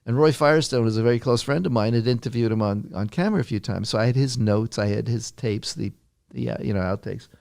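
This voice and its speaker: A man's voice: medium pitch, fast talker, creaky, few pauses, a little mellow, no echo, clean studio sound. An older man, a guest author, telling a long story in a conversation and restarting his sentences often.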